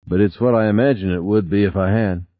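A man's voice: fairly low pitch, quick pace, dry recording, pitched above the performer's own voice, close to an everyday voice. A male reader voicing an anxious woman scientist with a wry, nervous way of talking. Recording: tinny phone-like sound.

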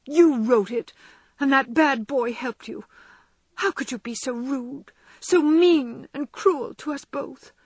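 A woman voicing a gentle young woman who speaks in a pleading, distressed way. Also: mid-range voice, moderate pace, slightly rough, no room sound.

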